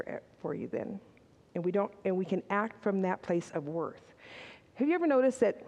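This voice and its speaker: In a large hall with long reverb, an older woman preaches a candid, talk-like sermon at church, full of personal asides and restarts. Her voice is fairly low and dark, and the recording is muffled.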